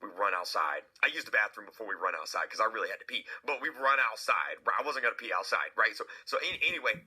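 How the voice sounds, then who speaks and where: A man's voice: lowish voice, sharp tone, husky, low-quality recording. A man, the host of his own channel, casually telling a story to his viewers, chatty, with many "right?" tags and restarts, and acting out the people in it. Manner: acts out the other people in the story.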